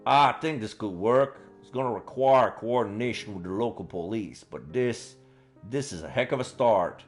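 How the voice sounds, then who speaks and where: Streamer doing a flustered Southern young man, gruff and defensive, low-voiced. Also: moderate pace, faint music behind, lightly acted. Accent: Southern US, put on.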